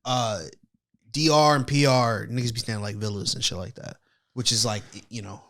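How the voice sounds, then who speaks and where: Fast-talking male podcast co-host. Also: mid-range voice, fairly even intonation, fairly bright tone. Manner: quick, conversational, asks questions and hedges with "like". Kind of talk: casual podcast banter.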